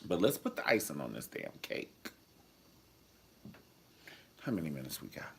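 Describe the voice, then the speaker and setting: A deep-voiced man dishing a TV episode recap, flamboyant and sassy, with plenty of cursing. His low voice swings through animated rises and falls. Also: moderate pace, pauses often, slightly rough. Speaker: TV show reviewer. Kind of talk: casual review vlog.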